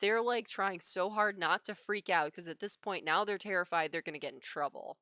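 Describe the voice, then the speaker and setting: A woman's voice: medium pitch, normal speed, dry recording, studio quality. A woman livestreaming her digital drawing, telling a casual story with frequent laughs. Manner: animated, laughs often between phrases. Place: home drawing setup.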